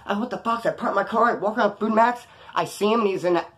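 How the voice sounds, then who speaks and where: A man with a fairly high voice rattles off a story at speed. He talks in heavy street slang and swears freely. He slips into quick acted-out bits of other people's lines as he goes. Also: fairly bright tone. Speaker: vlogger telling prison stories. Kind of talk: casual storytelling monologue.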